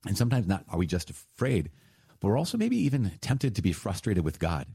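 A man giving a conversational sermon on scripture, animated and emphatic, with laughs and sarcastic asides. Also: fairly low pitch, a little fast, gravelly, slightly rough, no room sound, clean studio sound. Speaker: priest teaching on scripture.

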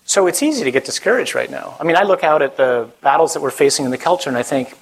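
A man's voice: on the high side, expressive, fast talker, hardly any pauses, a crowd in the background, noisy background. A man, a Catholic priest, giving a conversational sermon, joking with the audience and putting questions to them.

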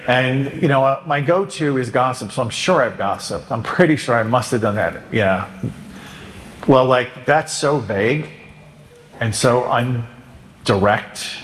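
A man, a priest, giving a conversational sermon with jokes, acting out confessions in a lively way. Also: mid-range voice, slight background noise. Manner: conversational, joking, acts out penitents and himself. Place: church. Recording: echoey church with long reverb.

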